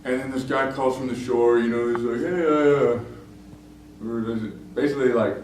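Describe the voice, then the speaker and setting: A man's voice: mid-range voice, level tone, a little fast, darkish tone. A young man preaching a casual sermon, telling a story with lots of fillers and acting out the quoted lines. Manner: conversational, many fillers, acts out quoted lines. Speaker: pastor. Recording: very echoey room, distant mic, faint noise.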